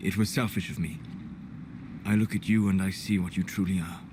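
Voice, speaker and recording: A man's voice: low voice, steady tone, noisy background, lightly acted. Solas, a man voicing a sorrowful elven mage. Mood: tender regret. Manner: soft-spoken, measured and formal. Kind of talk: video game voice acting. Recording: game audio under loud music.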